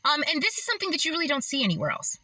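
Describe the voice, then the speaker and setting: A woman vlogger from Las Vegas talks to her viewers, earnest and emphatic. Her voice is bright and sits a little high. It is recorded dry and close, with no room sound. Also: huge pitch swings, rapid-fire, dry recording, rough recording. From Las Vegas, Nevada, USA. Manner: earnest, emphatic, chatty with laughs. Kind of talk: casual talk to camera.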